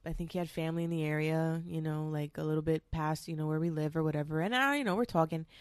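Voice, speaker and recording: Woman host, solo casual storytelling, low-ish voice, dry close sound, candid and chatty. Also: clean tone, no echo. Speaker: podcast host.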